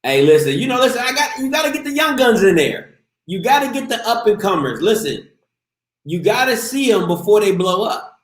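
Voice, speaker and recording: A man's voice: sits high, expressive, fairly quick. Hyped man hosting, echoey room. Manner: hyped, slangy, talks straight to viewers. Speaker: show host. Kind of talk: casual live interview show.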